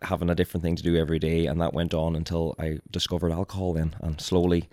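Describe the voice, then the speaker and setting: A man's voice: low-pitched, little pitch movement, quick pace, dark tone, no room sound, studio quality. A young Irish man with a Donegal accent, a podcast guest talking in a casual, self-deprecating, laughing way. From Ireland, County Donegal.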